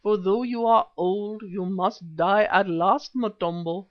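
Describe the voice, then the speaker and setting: A man reading an audiobook, voicing a small, cunning, wizened old male servant who speaks in a squeaky, pleading way. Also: steady tone, slow pace. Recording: dull lo-fi recording.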